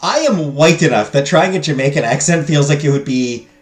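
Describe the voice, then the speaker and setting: A man streaming a story game, reading its narration and chatting in an animated, rambling, self-deprecating way. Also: on the high side, brisk, roomy sound. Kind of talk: casual game commentary and narration.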